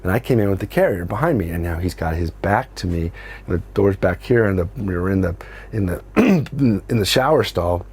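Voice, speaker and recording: A middle-aged man telling a comic personal story in a casual, animated way, swearing freely and acting out what people said. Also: low-pitched, a little fast, breathy edge.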